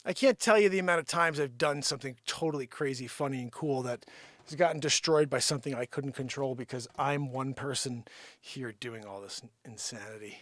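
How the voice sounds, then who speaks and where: A man's voice: mid-range voice, normal speed, a bit bright, no room sound. A man who makes his own comedy videos, muttering to himself in frustration. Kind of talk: casual talk to camera.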